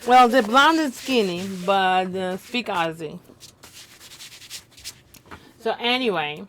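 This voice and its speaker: A woman's voice: mid-range voice, lively intonation, slow pace, fairly bright tone, slight background noise. A woman with a mid-range voice who co-hosts a casual podcast. She recaps a plot plainly and matter-of-factly. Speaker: podcast co-host. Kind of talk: casual chat.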